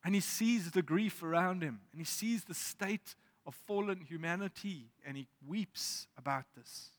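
A man preaching a sermon in a reflective way, reading scripture aloud with pauses. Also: sits high. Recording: long reverb of a hall.

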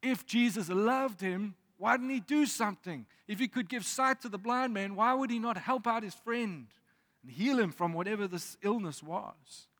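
A man preaching a sermon in a reflective way, reading scripture aloud with pauses. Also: high voice, fairly bright tone. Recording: long reverb of a hall.

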